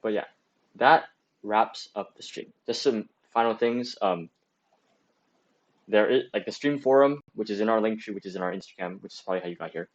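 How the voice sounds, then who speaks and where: Low-voiced young man rambling on a stream. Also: fairly quick, lo-fi sound. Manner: rambling, full of "like" and restarts; reads and answers chat. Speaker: student club streamer. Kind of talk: casual livestream talk giving advice.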